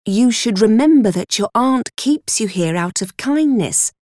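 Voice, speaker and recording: Firm storybook nursemaid, a woman doing the voice; measured and unhurried. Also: fairly high pitch, expressive, darkish tone, no room sound, clean studio sound. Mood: admonishing. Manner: firm, admonishing. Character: firm but softening adult nursemaid.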